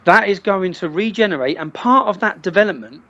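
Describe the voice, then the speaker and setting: Animated guest on lo-fi audio. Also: male voice, sits high, a little fast. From Luton, England. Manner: animated storyteller with many restarts and repeated words. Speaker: interview guest. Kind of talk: casual interview chat.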